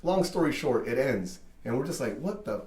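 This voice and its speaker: A man who owns a barbershop telling a story in casual chat, animated, full of fillers and swearing. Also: mid-range voice, normal speed, echoey room. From Mexican-American from Southern California. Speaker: barbershop owner.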